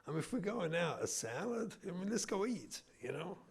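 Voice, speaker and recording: A man's voice: high-pitched, very animated, moderate pace, gravelly, faint music behind, full character voice. A man voicing a stubborn young husband who brushes off his wife's wishes. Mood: breezy. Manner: breezy, then puzzled and defensive.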